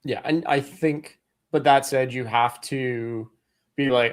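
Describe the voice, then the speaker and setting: A man's voice: mid-range voice, fairly even intonation, slow. Rambling man thinking aloud. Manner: rambling, thinks out loud with many "like"s and restarts. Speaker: author guest. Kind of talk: casual chat.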